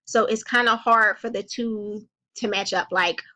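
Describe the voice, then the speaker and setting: A woman playing a calm, caring counselor who gently comforts and reassures a young child in a role-played session. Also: mid-range voice, a little slow. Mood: explaining patiently.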